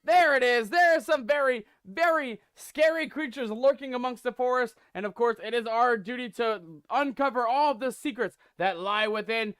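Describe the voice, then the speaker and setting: A man's voice: extremely high pitch, normal speed, hardly any pauses, fairly bright tone, smooth, no echo. A man hosting a game stream in a pirate-captain persona, greeting viewers as mateys and scallywags with theatrical hype. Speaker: gaming streamer host.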